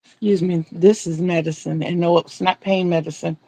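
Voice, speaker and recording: A woman's voice: fairly low pitch, steady tone, moderate pace, dark tone, no room sound. An older woman chatting casually on a live stream as she crochets, rambling and repeating herself.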